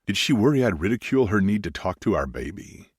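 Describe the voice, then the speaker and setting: A man's voice: on the low side, very animated, fast talker, husky, no echo, studio quality. A man narrating a first-person romance audiobook in an intimate, brooding way.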